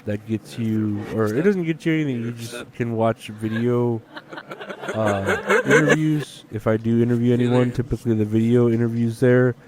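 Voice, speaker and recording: A man's voice: mid-range voice, moderate pace, very noisy. A man hosting a solo podcast, rambling and swearing in a sarcastic, offhand way. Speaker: podcast host. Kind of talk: casual solo podcast rant.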